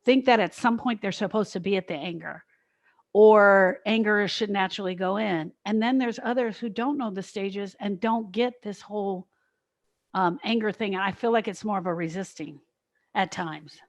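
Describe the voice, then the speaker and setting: A woman's voice: mid-range voice, normal speed. A middle-aged woman co-hosting a podcast, talking in a reflective way and thinking aloud in casual conversation. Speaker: podcast co-host, grief specialist.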